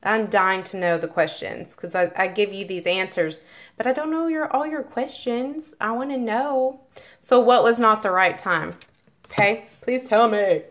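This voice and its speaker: A woman's voice: medium pitch, measured pace. Chatty woman giving a tarot reading. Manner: chatty, talks directly to viewers; reads card passages aloud. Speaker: tarot card reader. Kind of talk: casual tarot reading video.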